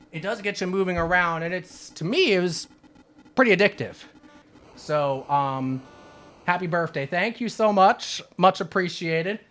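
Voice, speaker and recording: A man's voice: high-pitched, a bit bright. Breathless man streaming retro games. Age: 30s. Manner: chatty, laughing, swears at the game. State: out of breath from exercise. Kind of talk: casual live stream chat.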